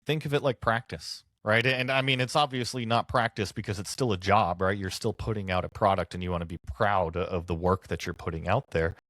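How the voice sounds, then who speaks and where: A man's voice: fairly low pitch, fairly even intonation, a little fast, hardly any pauses, fairly bright tone, no echo, clean studio sound. A man who works as a motorsport commentator, chatting in an easygoing, upbeat way on a podcast. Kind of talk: casual podcast chat.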